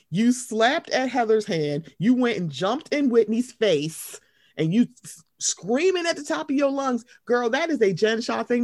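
A woman co-hosting a podcast, chatting emphatically and swearing freely, jumping up in pitch when she quotes people. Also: dry recording, clean studio sound. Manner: animated, emphatic, profane, swoops up when quoting. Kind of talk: casual chat.

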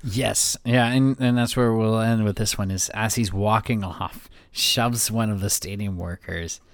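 A low-pitched man hosting casual sports talk, easygoing and agreeable as he steers the conversation. The recording is dry and close to the mic. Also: fairly even intonation, a little slow, hardly any pauses, dry recording. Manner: easygoing, agreeable, wraps up segments. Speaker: sports podcast host.

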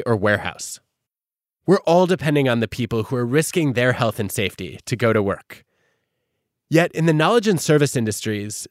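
A man hosting a podcast, delivering scripted narration with a lively, measured manner. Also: mid-range voice, no room sound, clean studio sound. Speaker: podcast host.

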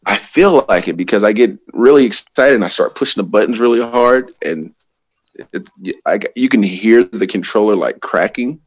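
A man's voice: lowish voice, lively intonation, normal speed, dry recording, muffled recording. A man guesting on a podcast as a pro wrestler, talking in a laid-back, easygoing way with frequent laughs. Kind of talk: casual chat.

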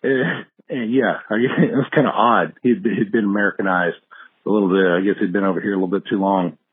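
A male caller leaving an easygoing, halting voicemail message full of fillers. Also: fairly low pitch, steady tone, breathy edge. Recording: tinny phone line.

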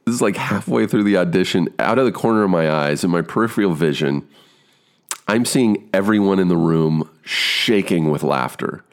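A man in his fifties with a very low, deep voice tells a casual story. He is animated, swears freely and acts out his own stumbling lines in a lifted voice. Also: moderate pace. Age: 50s. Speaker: actor telling a story.

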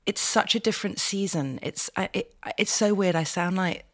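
Lively, laughing middle-aged woman guest. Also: medium pitch, moderate pace. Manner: animated, laughs often, breaks into playful impressions. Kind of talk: casual podcast chat.

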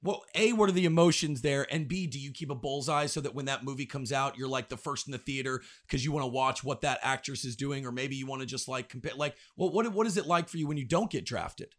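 A man's voice: medium pitch, quick pace, few pauses. A man co-hosting a sports and entertainment show, asking long questions with stumbling repeats. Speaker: podcast co-host. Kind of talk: casual interview.

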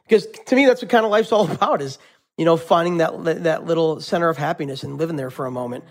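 Chef guest, male, loose chatty delivery, fillers and chuckles, a bit high-pitched. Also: quick pace. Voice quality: laughs often, rambling with repeated fillers. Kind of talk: casual interview answers and joke telling.

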